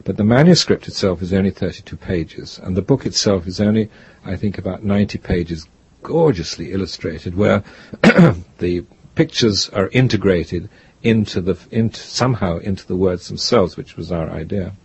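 An older man, a guest author, telling stories in an interview in a rambling, reflective way with a gravelly, husky voice. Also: low-pitched, moderate pace, a little mellow, dull audio. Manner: rambling, reflective, restarts often. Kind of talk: interview, storytelling.

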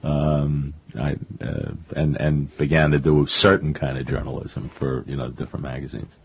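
This is a dull lo-fi radio recording of a conversational interview with an older male novelist. His bass voice stays level and moves at a normal speed, with vocal fry and a breathy edge. He talks in a meandering, self-mocking way, full of fillers and restarts.

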